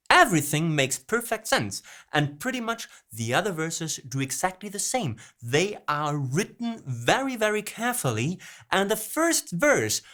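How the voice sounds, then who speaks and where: Slow, deliberate man teaching songwriting. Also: fairly high pitch, fairly bright tone. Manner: picky, explains by quoting and re-stressing lyric lines. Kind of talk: lyric analysis lesson.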